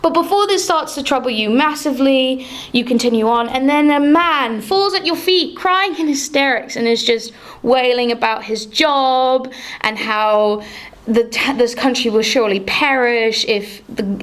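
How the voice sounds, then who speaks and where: A woman running a tabletop game as game master, narrating the story in a lively way with some fillers. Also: a little high, unhurried.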